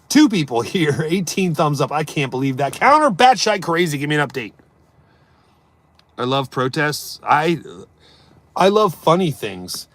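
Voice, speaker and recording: A man hosting a casual live stream, joking around and answering viewers' chat, swinging between loud bursts and mumbled asides. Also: fairly high pitch, very animated, measured pace, no room sound.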